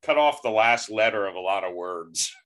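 With lively intonation and a fairly bright tone, an American man hosts a podcast interview over a remote call. His voice is on the low side and his pace moderate, and his casual talk is hesitant, full of restarts and stammers.

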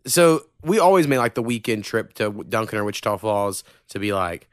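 A man's voice: on the low side, expressive, brisk, no room sound, clean studio sound. Casual man hosting a podcast. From Oklahoma. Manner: loose, profane, filler-heavy storytelling. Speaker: podcast host. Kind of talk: casual chat.

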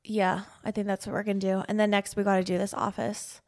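A woman's voice: mid-range voice, little pitch movement, fast talker. Chatty woman podcast co-host. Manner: chatty, upbeat, says "like" often. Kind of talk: casual chat.

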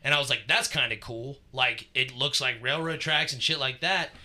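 A man's voice: mid-range voice, fairly even intonation, moderate pace, sharp tone. A man co-hosting a podcast, telling a story in casual chat, swearing freely and rambling with lots of fillers. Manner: profane, rambling, full of fillers. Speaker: podcast co-host.

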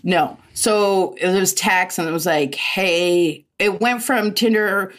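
A woman's voice: mid-range voice, slow. Woman guest, blunt storyteller, swears freely, laughs often, casual podcast chat.

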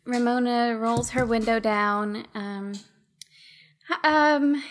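A woman player narrating her character in a tabletop game, animated and quick to laugh. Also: fairly high pitch. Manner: giggly, animated. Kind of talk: tabletop role-play narration.

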